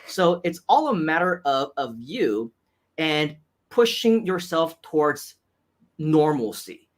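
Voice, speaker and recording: A man's voice: a little high, big pitch swings, slow. A man with an American accent hosting an interview, talking through motivational points and tagging many lines with "right?". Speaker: host.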